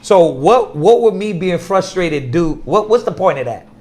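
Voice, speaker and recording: A man preaching in a casual, animated storytelling manner, often laughing and dropping to a soft voice when quoting people. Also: high-pitched, moderate pace. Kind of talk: casual religious teaching.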